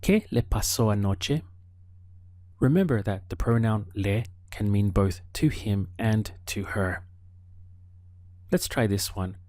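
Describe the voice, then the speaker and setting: Guy running a language lesson, slow and patient, lowish voice, dry booth sound. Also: a little mellow, no echo. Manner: slow, patient prompting with pauses for the learner. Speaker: language teacher.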